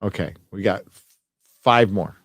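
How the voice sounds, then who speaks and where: A man's voice: low-pitched, measured pace, no echo, clean studio sound. A man hosting a casual livestream, rambling loosely and swearing as he reads out viewer donations. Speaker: livestream host.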